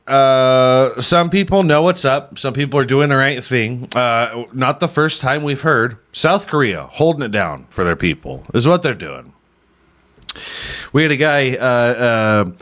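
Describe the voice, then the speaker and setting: A man's voice: mid-range voice, fairly bright tone. Irreverent joking male podcast host. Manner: irreverent, swears often, laughs at own jokes. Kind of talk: casual comedic news riffing.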